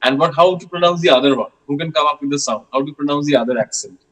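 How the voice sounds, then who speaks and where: A man's voice: on the high side, fast talker, a bit bright, rough recording. A man teaching a French class, patiently repeating questions and sounds with many hesitations.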